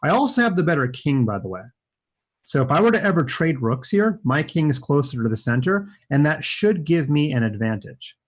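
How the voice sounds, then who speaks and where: A man's voice: on the high side, sing-song, brisk. Upbeat chatty man coaching kids at chess. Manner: chatty, upbeat, thinking aloud while playing. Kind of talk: live chess commentary for kids.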